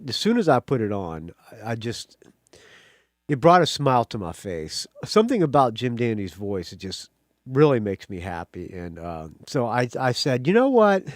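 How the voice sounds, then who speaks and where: A man hosting a rock podcast, talking in a rambling, excitable way with a slight country accent and swearing freely. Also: medium pitch, normal speed, no room sound, studio quality. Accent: slight American country accent. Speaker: podcast host. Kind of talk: casual solo intro.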